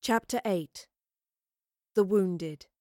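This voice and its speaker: A woman narrating a fantasy audiobook in a measured, steady storytelling voice. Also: medium pitch, no room sound. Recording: dry close recording.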